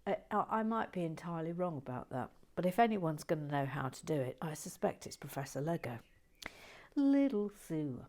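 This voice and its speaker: A woman's voice: low voice, sing-song, normal speed, a little mellow. A woman hosting a building stream, chatting casually and playfully, reading viewer comments aloud and dropping to murmurs while she concentrates. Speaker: host of a brick-building stream.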